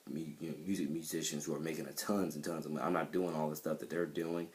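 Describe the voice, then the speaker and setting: A man's voice: very deep voice, steady tone, quick pace, darkish tone. A man who is an independent rapper talks casually about his music, rambling and repeating himself with many fillers. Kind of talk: casual monologue to camera.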